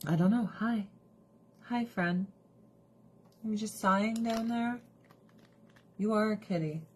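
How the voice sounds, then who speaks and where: A woman's voice: mid-range voice, a little slow, a little hiss or hum. Blunt, swearing woman chatting on a livestream. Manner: profane, blunt ranting with frequent laughs. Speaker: livestream host. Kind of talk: casual livestream chat while doing skincare.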